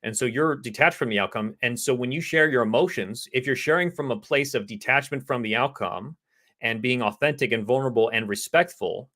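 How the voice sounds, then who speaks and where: A man's voice: mid-range voice, brisk. A man co-hosting a dating advice show, earnestly explaining relationship ideas and answering viewer questions. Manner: earnest, explanatory, quotes women's pleas in a softer voice. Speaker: dating coach co-host.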